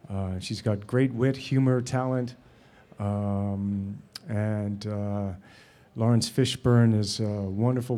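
Halting man telling stories at a Q&A. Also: lowish voice, warm tone. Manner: halting, with many fillers and restarts, laughing often. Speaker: actor and guest at a Q&A. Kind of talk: anecdotal Q&A talk.

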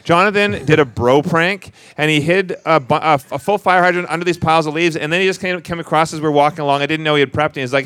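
A man co-hosting a live panel, telling stories in a joking, animated way. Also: fairly high pitch, quick pace, hardly any pauses. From Canada. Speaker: co-host on stage. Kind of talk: casual panel chat.

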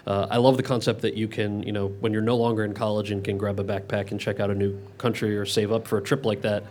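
Low-leaning and a little mellow, this man's voice stays flat as he talks fast. He's in his thirties, taking audience questions at a Q&A, and he rambles, keeps correcting himself and restarts many times.

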